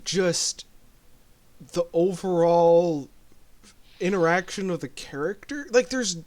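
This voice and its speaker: A man with a high-pitched voice co-hosts a casual podcast chat. He gives frank, blunt opinions and restarts his sentences often with fillers. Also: animated, slow. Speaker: podcast co-host.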